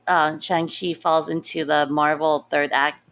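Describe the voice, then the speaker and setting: A woman guest on a podcast, chatting casually and telling things in an animated, tumbling way. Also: low-pitched, measured pace, vocal fry. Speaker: podcast guest, freelance writer.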